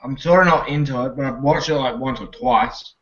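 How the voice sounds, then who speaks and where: A man calling into an online podcast chat, speaking quietly and hesitantly. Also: medium pitch, a little fast, a crowd in the background. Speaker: podcast call-in guest. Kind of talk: casual online call chat. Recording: dull lo-fi call audio.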